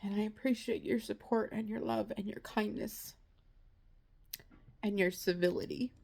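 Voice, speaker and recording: A woman vlogging to her viewers, choked up and tearful, speaking in halting, broken phrases. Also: mid-range voice, fairly even intonation, gravelly, darkish tone. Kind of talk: personal vlog to viewers.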